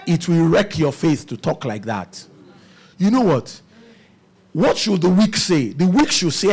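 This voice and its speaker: A man preaching a sermon, asking the congregation rhetorical questions. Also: a little high.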